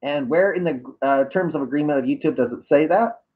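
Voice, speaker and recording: A man's voice: on the high side, a little fast, background noise. A man reading out and answering online comments, sarcastic and hesitant, with many fillers. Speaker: YouTuber. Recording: tinny phone-like audio.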